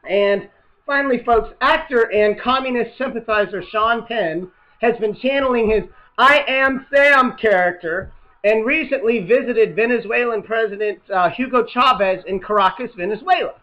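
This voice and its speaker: A high-voiced man hosts his own show and rattles off a sarcastic political monologue. He rambles, stumbles over names and leans on fillers. The recording is dull and lo-fi. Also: moderate pace. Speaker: host. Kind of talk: satirical political news monologue.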